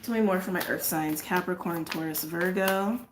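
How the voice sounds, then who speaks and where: Woman, low-ish voice, effusive tarot reader repeating herself, echoey room. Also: moderate pace, background noise. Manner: effusive, repeats phrases, drifts into soft trailing asides. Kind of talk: intuitive reading to camera, casual chat.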